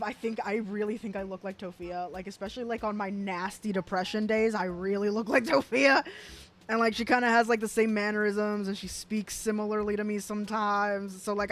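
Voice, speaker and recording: A woman's voice: mid-range voice, steady tone, brisk. A woman giving casual reaction commentary on clips, blunt and mocking, swearing heavily. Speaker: commentary streamer.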